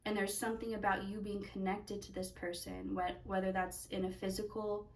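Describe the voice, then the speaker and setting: A woman's voice: mid-range voice, level tone, moderate pace, recorded from a distance, poor audio. A woman giving a pick-a-card tarot reading, talking in a rambling way as she searches for words. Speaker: tarot reader.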